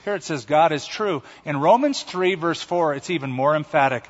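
Emphatic preacher with a higher voice. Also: male voice, expressive. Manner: emphatic, storytelling, with dramatic pauses. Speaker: pastor. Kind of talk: sermon. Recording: echoey hall, dull lo-fi sound.

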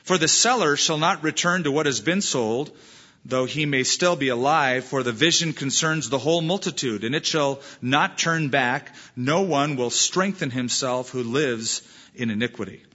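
A man's voice: mid-range voice, normal speed, pushed and bright. A man pastor preaching an emphatic verse-by-verse sermon, weaving in a story, on a dull lo-fi sermon recording. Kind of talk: expository sermon.

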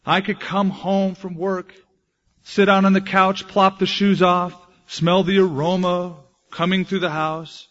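A male pastor delivers a sermon in a somewhat raised voice, driving points home with emphasis and then dropping into hushed asides. The recording is dull and lo-fi. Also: sits high, flat delivery, measured pace. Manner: emphatic, swings between loud declaration and hushed asides.

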